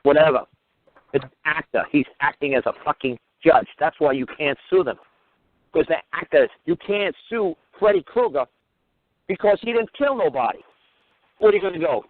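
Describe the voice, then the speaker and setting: A man's voice: a little high, moderate pace, no echo. A man hosting a radio talk show, ranting with crude, mocking, swear-filled talk. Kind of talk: profane ranting monologue. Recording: tinny phone-line radio audio.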